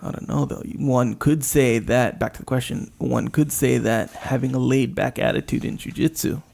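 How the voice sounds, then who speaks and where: Gravelly man thinking aloud. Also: medium pitch, fairly even intonation, normal speed, a little mellow. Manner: hesitant, filler-heavy, thinking aloud. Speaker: podcast co-host. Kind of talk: casual conversation.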